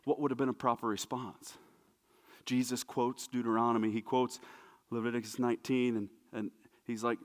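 A man preaching a sermon as pastor, emphatic and repetitive, dropping to hushed asides. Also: medium pitch, fairly even intonation, normal speed, in a large hall. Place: church sanctuary.

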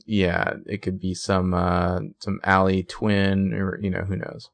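A man's voice: unhurried, vocal fry, no room sound. A man co-hosting a podcast, casually recapping a TV episode and acting out characters' lines. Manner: animated, acts out characters' lines in higher voices. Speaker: podcast co-host.

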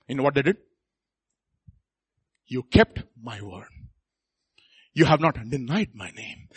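A man preaching a sermon, swinging between quiet asides and loud exhortation and calling the congregation to repeat after him. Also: medium pitch, animated, moderate pace, breathy edge, no echo. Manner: calls the congregation to repeat lines.

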